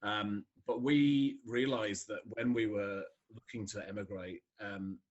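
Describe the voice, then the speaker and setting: A man's voice: fairly low pitch, steady tone, unhurried, dull audio. A middle-aged man from Scotland with a neutral English accent, chatting as a podcast guest, laughing often and using many fillers. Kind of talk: casual conversation.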